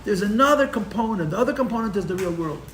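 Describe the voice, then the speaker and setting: A man teaching a live Torah class as a rabbi, telling the story with animated, sarcastic humor and mixing in Hebrew and Yiddish terms. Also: high voice, fast talker, reverberant, a little hiss or hum. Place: room for a live-streamed class.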